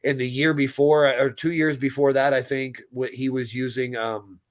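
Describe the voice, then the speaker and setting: A man's voice: medium pitch, little pitch movement, moderate pace, no room sound. A man co-hosting a podcast, joking and laughing in casual chat.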